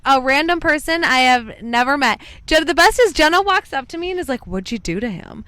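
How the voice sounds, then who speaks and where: A woman's voice: high-pitched, animated, a little fast, bright, forceful tone. A young woman co-hosting a podcast, telling a bar story in casual chat, acting out quoted lines and saying "like" a lot. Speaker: podcast co-host.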